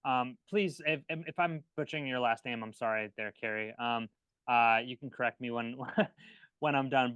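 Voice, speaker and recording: A man's voice: fairly high pitch, a bit bright, no room sound. A man hosting a casual video call chat, talking hesitantly with many fillers and restarts. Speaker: host.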